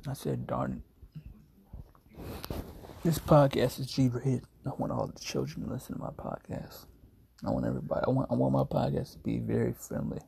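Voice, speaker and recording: A man's voice: mid-range voice, big pitch swings, a little fast, gravelly, warm tone, slight background noise. A young man hosting a casual solo podcast from home, groggy and yawning after a nap, rambling in a laid-back, jokey way. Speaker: podcast host.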